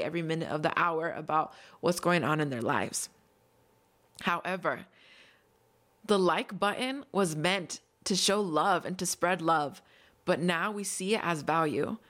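A woman's voice: on the low side, fairly bright tone. A young adult woman hosting a solo podcast, telling a story and explaining in an earnest, upbeat, conversational way. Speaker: podcast host.

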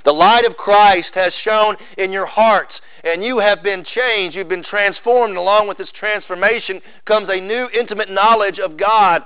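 A man preaching a sermon as pastor, moving from loud emphasis to hushed, drawn-out intensity. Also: high voice, clean tone, no echo. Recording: slightly dull, dry sound.

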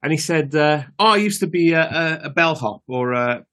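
A man's voice: on the high side, lively intonation, normal speed, fairly bright tone. A man co-hosting a podcast, telling rambling stories in casual chat with many fillers. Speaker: podcast co-host.

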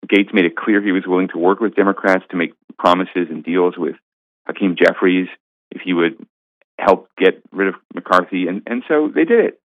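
A man with a very deep voice makes his case firmly and emphatically as a guest commentator. His voice is dry and tinny, as if coming down a phone line. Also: no echo. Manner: emphatic, argumentative. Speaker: guest commentator, senior editor. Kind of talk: political commentary interview.

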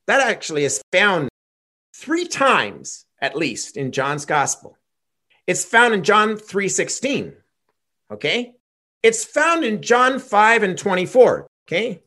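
A man's voice: high voice, sing-song, unhurried, pushed and bright. A man preaching a gospel sermon, earnest and emphatic, repeating key phrases for weight.

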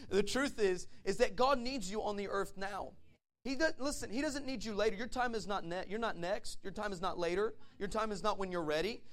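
High-voiced preaching man. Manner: animated storytelling, rising to shouts. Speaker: pastor. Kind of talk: sermon.

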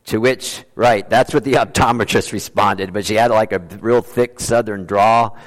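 A man's voice: lowish voice, fairly even intonation, moderate pace. A man preaching a sermon as pastor in an earnest, conversational way. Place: church sanctuary. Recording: long reverb of a large church.

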